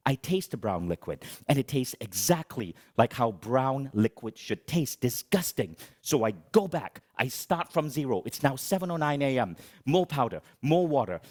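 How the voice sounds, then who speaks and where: A middle-aged man giving a motivational talk on stage, telling a comic story in an animated, dramatic, self-mocking way. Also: mid-range voice, moderate pace, few pauses. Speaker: motivational speaker.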